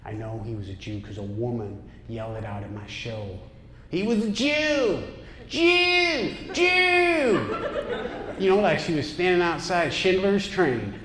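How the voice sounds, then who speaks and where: Delivering stand-up at a normal speed with few pauses, an upstate New York man speaks in a lowish voice, brash and punchy, tossing asides to the crowd. Laughter rings through the echoey, noisy club.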